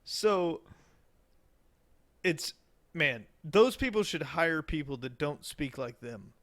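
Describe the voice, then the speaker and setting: A man's voice: on the high side, expressive, slow, a bit bright. A man with a Southern American accent, co-hosting a casual podcast chat, crude and joking. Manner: crude, joking, slips into mock voices. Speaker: podcast co-host.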